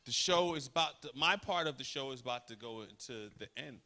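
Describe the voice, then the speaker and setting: A man doing stand-up comedy on a live stage, teasing the crowd loudly and then dropping into hushed asides. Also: medium pitch, animated, fairly quick. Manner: loud, teasing, swings from shouting to hushed asides.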